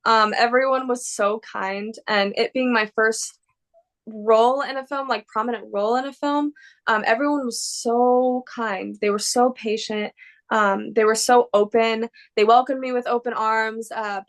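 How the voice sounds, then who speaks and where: A woman's voice: fairly high pitch, fairly bright tone. Upbeat actress woman, rambling. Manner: rambling, filler-heavy, gushing and upbeat. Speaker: actress guest. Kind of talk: casual interview answers.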